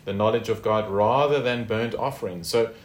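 A man's voice: on the low side, normal speed, echoey room. A man teaching a Bible study in a conversational way, with fillers and tag questions.

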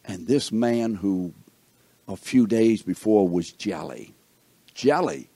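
Animated, husky Bible teacher. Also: male voice, on the low side, takes it slowly, no echo. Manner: animated, asks the class questions. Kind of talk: Bible lesson.

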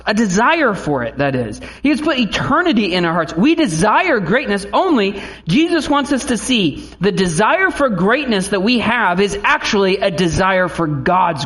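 A man's voice: high-pitched, a bit bright. A man in his thirties, a pastor giving a conversational sermon who acts out quotes and family stories.

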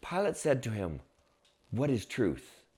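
A man preaching a sermon, reading scripture and acting out the crowd's shouts with dramatic swings. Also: mid-range voice, very animated, a little slow, breathy edge. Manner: reads scripture aloud. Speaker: pastor.

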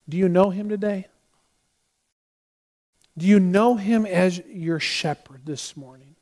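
A male pastor with a high-sitting, slightly mellow voice preaches a Sunday sermon slowly, pausing often, in a church sanctuary with long hall reverb. He puts direct questions to the congregation and closes in prayer.

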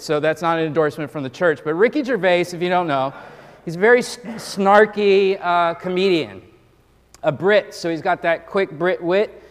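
A male pastor preaches with a high, light voice, telling stories in a loose, joking way. His sermon carries the long reverb of a big hall. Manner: conversational, joking storyteller.

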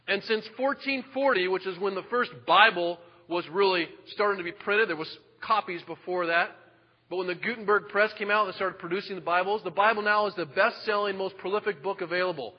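A male pastor preaching a sermon, animated and joking, dropping from loud emphasis to a hushed voice. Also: high voice, a little fast. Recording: dull lo-fi sound with long reverb.

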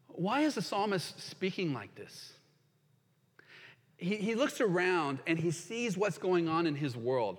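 A man's voice: sits high, expressive, normal speed, husky, in a large hall. A man preaching a sermon as a pastor, earnest and reading scripture aloud with emphasis.

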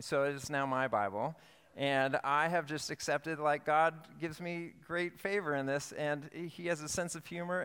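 A male pastor preaches in a sanctuary, his smooth, resonant voice carrying a long hall reverb. He moves between playful storytelling and earnest exhortation, punching key words with emphasis. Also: medium pitch, fairly bright tone. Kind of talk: sermon.

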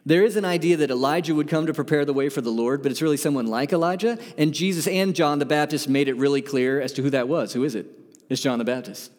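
A male pastor delivers an earnest sermon, pressing his listeners with repeated questions. His voice sits a little high for a man. A long hall reverb trails behind his words. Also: fast, darkish tone. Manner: earnest, emphatic preaching with rhetorical questions.

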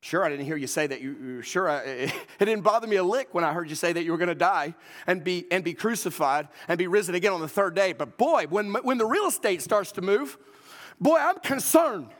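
A man's voice: medium pitch, fast talker, hardly any pauses, sharp tone, lightly acted. A man preaching, voicing an anxious male disciple who frets and repeats himself. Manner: earnest, fretful, repeating himself. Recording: long hall reverb.

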